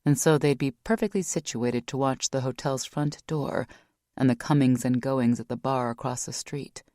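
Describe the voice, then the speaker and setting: A woman narrating an audiobook in a wry, measured storytelling manner. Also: very deep voice, darkish tone, dry recording, clean studio sound. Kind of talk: scripted narration.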